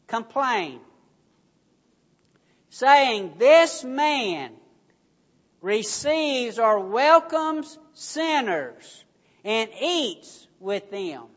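A preacher delivering a sermon, telling a story slowly with emphatic stresses, in a church hall. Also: medium pitch, fairly bright tone. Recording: dull recording, long hall reverb.

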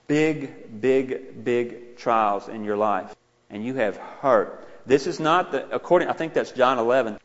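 Preaching man in an echoey hall. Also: mid-range voice. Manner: conversational preaching, rising to loud emphatic retellings. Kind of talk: sermon. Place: church sanctuary. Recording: dull, reverberant hall sound.

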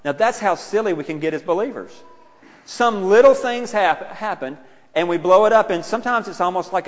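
A middle-aged man delivers a sermon in a casual, self-deprecating way, his fairly high voice rising to loud outbursts. The sound is muffled and rings with a long hall reverb. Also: fairly quick. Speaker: preacher.

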